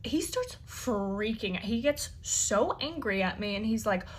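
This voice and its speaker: A woman's voice: mid-range voice, animated, measured pace, slightly rough. A woman telling a personal story casually, full of "like" fillers and freely swearing. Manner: chatty, heavy use of "like" fillers, swears freely. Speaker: interview guest.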